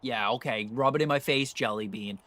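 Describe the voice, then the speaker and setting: An American man chats casually on a live stream while gaming, ranting and swearing plenty as he gets himself worked up. His voice is medium in pitch, brisk, and a bit bright.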